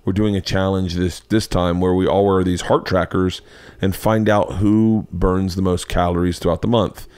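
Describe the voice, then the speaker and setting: A man in his forties with a fairly low voice hosts a podcast in loose, casual conversation. He tells stories animatedly, swears freely and jumps up in pitch to punch the funny parts. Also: moderate pace, clear, resonant tone. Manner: animated storytelling, swearing, jumping pitch for emphasis. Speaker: podcast host. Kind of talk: casual chat.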